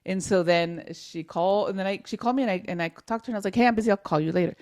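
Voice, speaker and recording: A young woman talking candidly on a podcast, her voice sitting in a middle pitch. She tells a personal story in an animated way, stumbling over restarts and slipping into Spanish now and then. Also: rapid-fire. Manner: animated, restarts often, mixes in Spanish words. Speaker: podcast co-host.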